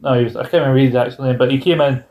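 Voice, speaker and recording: A man co-hosting a podcast, rambling through wrestling history in casual chat with quick asides and casual swearing. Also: mid-range voice, flat delivery, a little mellow. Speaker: podcast co-host.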